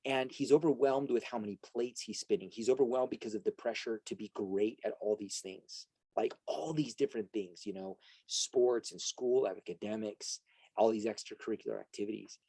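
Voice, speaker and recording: Middle-aged male coach, earnest talk full of rhetorical "right?" asides, mellow tone, dry close sound. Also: fairly low pitch, normal speed, slightly rough, no echo, poor audio. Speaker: strengths coach and host. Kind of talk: motivational talk to an audience.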